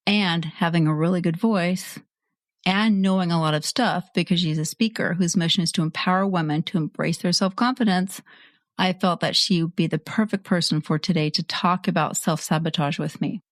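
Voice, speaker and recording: A woman's voice: on the low side, dry recording. A woman hosting a podcast from her studio, chatting casually and poking fun at herself. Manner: chatty and self-mocking, laughs easily. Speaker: podcast host. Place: indoor studio at her computer.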